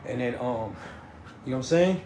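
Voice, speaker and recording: His medium-pitched voice is expressive and mellow, moving at a moderate pace as he tells a casual, rambling story. He stammers, starts over, and says "you know what I'm saying" again and again; the room echoes and there's faint noise.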